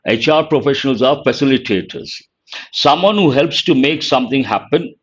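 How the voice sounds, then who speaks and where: A man with an Indian English accent teaching vocabulary, explaining word meanings in a deliberate way and repeating key words. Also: mid-range voice, slightly rough, muffled recording. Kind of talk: vocabulary lesson.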